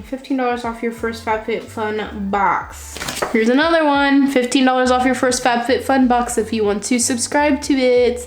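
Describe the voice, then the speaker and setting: Gushing young woman in an echoey room. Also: fairly high pitch. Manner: gushing, excitable, laughs often, says "oh my God" a lot. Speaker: vlogger unboxing a subscription box. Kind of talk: casual unboxing chat. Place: home room, seated on a chair.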